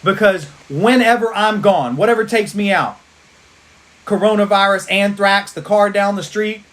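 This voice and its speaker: A man giving an energetic motivational pep talk to his team on a livestream, repeating rallying lines like a preacher. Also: sits high, moderate pace.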